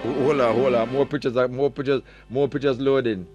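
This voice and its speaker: A man's voice: medium pitch, steady tone, brisk, darkish tone, muffled recording, faint music behind. A man with a Jamaican accent hosting a morning radio show, teasing listeners playfully and mixing patois into his English. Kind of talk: morning radio chat, reading out listener messages.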